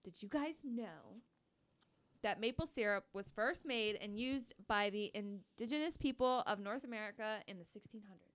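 Clear-voiced woman podcast host. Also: mid-range voice, moderate pace, a bit bright. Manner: laughs often, reads facts aloud. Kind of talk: casual podcast chat reading facts.

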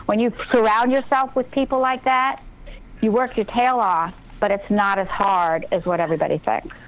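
A woman's voice: medium pitch, fairly even intonation, normal speed, poor audio. Motivational woman guest on talk radio. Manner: earnest, motivational, talks about breathing and intuition. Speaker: guest author. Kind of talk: casual radio interview.

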